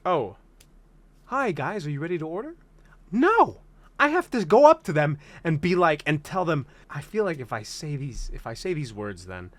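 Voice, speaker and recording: A man's voice: fairly high pitch, a bit bright, no room sound. A young man in his twenties giving a comedic vlog rant, dramatic, exaggerated and self-mocking. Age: 20s. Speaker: vlogger.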